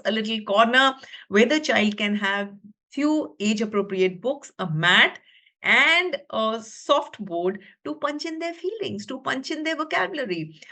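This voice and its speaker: A woman teacher giving an expressive storytelling webinar from her room. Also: fairly high pitch. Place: her own room at home.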